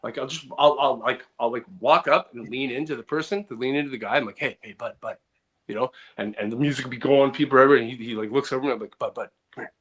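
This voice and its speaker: A man's voice: medium pitch, rapid-fire, hardly any pauses, a bit bright. A man co-hosting a comedy podcast, rambling through stories in casual chat and mimicking the people in them. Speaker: podcast co-host.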